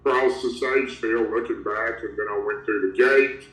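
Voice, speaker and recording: Man, drawl, rambling storyteller, low voice, roomy echo. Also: steady tone, moderate pace, a bit bright. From Tennessee, USA. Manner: rambling, strings events together with "and". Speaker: guest recounting a creature encounter. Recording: roomy, distant from the mic.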